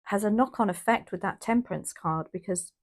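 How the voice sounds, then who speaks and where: A woman's voice: medium pitch, a little fast. A woman from the UK doing a casual, emotional tarot reading, rambling with restarts and exclamations. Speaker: tarot reader.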